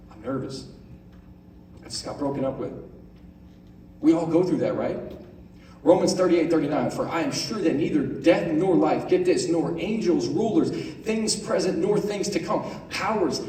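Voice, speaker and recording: A young man giving a casual, conversational sermon to a youth group, often asking "right?" and reading scripture out slowly. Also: high voice, dark tone, a little hiss or hum. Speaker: youth pastor. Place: large room on stage. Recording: echoey room, voice from far off.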